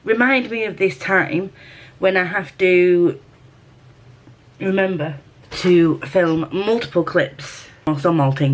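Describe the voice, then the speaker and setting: A woman's voice: fairly low pitch, slow, pauses often. Chatty rambling woman vlogger. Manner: rambling and chatty, self-mocking, swears casually. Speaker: book vlogger. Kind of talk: casual vlog chat to camera.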